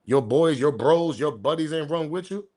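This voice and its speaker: A man's voice: on the high side, moderate pace, darkish tone. A man hosting a live-stream commentary show, talking in incredulous, argumentative street slang. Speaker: commentary channel host.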